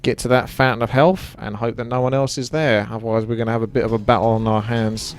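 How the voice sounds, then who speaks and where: A man's voice: medium pitch, steady tone, quick pace. A man giving casual, chatty gameplay commentary while he plays, joking at himself and reading viewer comments aloud.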